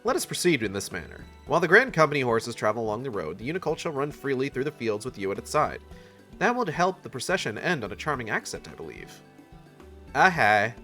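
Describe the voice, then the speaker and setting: A man voices a courtly, ceremonious game official, reading the dialogue aloud in stately, archaic phrasing. His medium-pitched voice swings widely and lively, with a bright, forward tone and faint music behind it.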